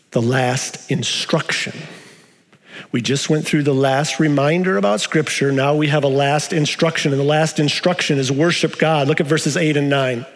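A male pastor delivering a sermon, moving between quiet low stretches and raised, emphatic questions to the congregation. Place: church sanctuary. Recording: long reverb of a large hall.

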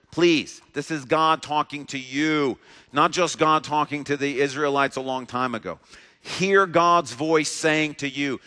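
A male pastor preaches in a church sanctuary, earnest and falling into a repetitive preaching cadence. His voice is a little high, unhurried, bright and forceful, and the large hall leaves a long reverb.

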